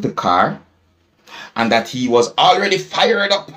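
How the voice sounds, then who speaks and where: Jamaican guy vlogging about a news story, keeps checking in with viewers, medium-pitched voice. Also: very animated, a little slow, fairly bright tone. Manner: keeps asking viewers "you see?"; retells news article in repetitive storytelling. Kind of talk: news commentary vlog.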